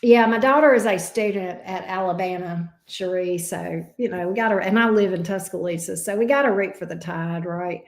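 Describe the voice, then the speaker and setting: Her voice is lowish and moderately paced, rolling along with hardly any pauses in a Southern US drawl. Hosting a tarot livestream from an echoey room, she chats casually and calls viewers babes and love bug.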